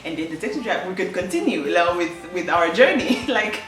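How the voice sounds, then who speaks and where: A woman's voice: fairly low pitch, lively intonation, fast talker, a bit bright, recorded from a distance. A young woman telling a personal story on her vlog, chatty, with lots of fillers and self-corrections. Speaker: vlogger. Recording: echoey room, voice off-mic, faint music.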